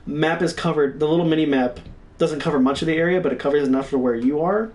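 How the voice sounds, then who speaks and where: A young man telling gaming stories in a casual, profane, animated way. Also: fairly high pitch, quick pace, recorded from a distance. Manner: profane, animated, reenacts his own yelling. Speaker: stream co-host. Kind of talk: casual storytelling.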